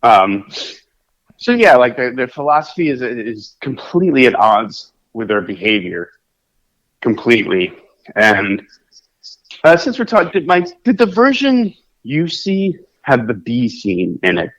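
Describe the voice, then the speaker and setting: A man co-hosting a podcast in casual chat, rambling and animated, with many fillers and restarts. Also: medium pitch, unhurried. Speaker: podcast co-host. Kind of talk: casual chat about films. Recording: dull lo-fi podcast audio.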